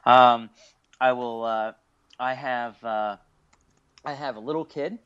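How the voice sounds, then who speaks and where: A man in his thirties, a guest on a casual podcast, telling stories in an excitable way with lots of swearing. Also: medium pitch, takes it slowly, clear, resonant tone. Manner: animated, swears a lot, excitable. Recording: dull lo-fi podcast audio.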